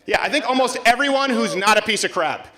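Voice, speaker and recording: A man's voice: sits high, expressive, fast talker, pushed and bright. A man hosting a live show, riffing to a crowd in a brash, mocking, jokey way. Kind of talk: comedic political stand-up to a crowd. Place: live event before a student audience.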